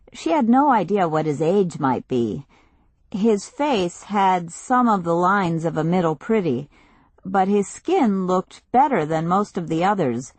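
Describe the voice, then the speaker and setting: An audiobook narrator with a fairly low voice reads a novel in a measured, even storytelling style. The scripted narration is recorded close to the mic and sounds dry.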